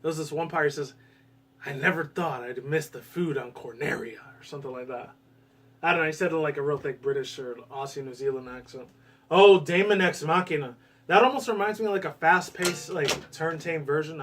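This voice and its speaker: A man giving casual gaming commentary in a rambling way, swearing often and breaking into excited bursts, with a US West Coast accent. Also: a little high, distant mic.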